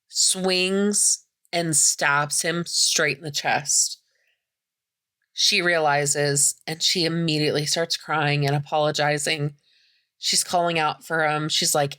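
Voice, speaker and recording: Low-pitched, chatty woman recapping a movie. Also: a little slow, pushed and bright. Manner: chatty, many "like" fillers, swears freely. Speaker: podcast host.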